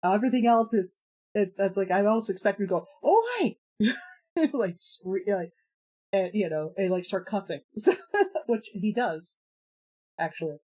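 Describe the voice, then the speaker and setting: A woman's voice: mid-range voice, normal speed, dark tone. A woman streamer chatting casually on a live stream, rambling with lots of fillers and laughing often.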